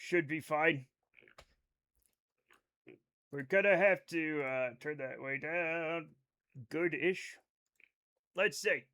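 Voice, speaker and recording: A man's voice: on the high side, drawn-out words, pauses often, pushed and bright, smooth. An American man in his thirties streaming a game live, joking casually and reading chat aloud. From United States. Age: 30s. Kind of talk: casual chat while gaming.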